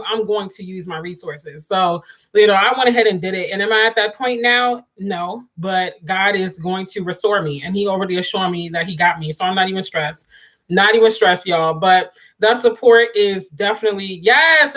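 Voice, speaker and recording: A woman, talking straight to her viewers and laughing often. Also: mid-range voice. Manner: animated, laughs often, talks to viewers as y'all. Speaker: livestream host. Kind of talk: casual chat.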